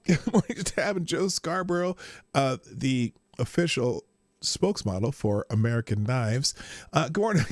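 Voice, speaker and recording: Male streamer host, slightly high voice, rambling and casual, dry room. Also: dry recording. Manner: rambling, chatty, greets viewers by name. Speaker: livestream host. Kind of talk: casual live-stream chat.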